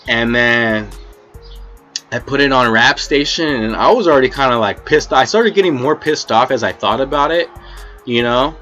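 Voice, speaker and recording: A man's voice: mid-range voice, normal speed, pushed and bright, highs cut off, faint music behind. A man telling a rambling, profane story about his rideshare driving days in a casual vlog, with constant "you know" fillers. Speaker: former rideshare driver.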